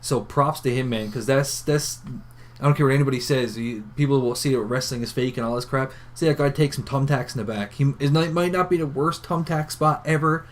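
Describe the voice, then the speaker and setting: A man with a Newfoundland accent talks casually on a podcast at a mid-range pitch. He argues his points bluntly and swears freely along the way. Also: brisk. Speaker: podcast co-host. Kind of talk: casual wrestling chat.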